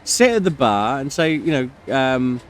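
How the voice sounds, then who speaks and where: A man talks casually over a game at a middling pitch, spinning a long anecdote. He rambles, leans on fillers, and keeps cutting away to react to his gameplay before picking the story back up. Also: very animated, measured pace. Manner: rambling, many fillers, breaks off to comment on the game. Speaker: gamer telling a story while playing.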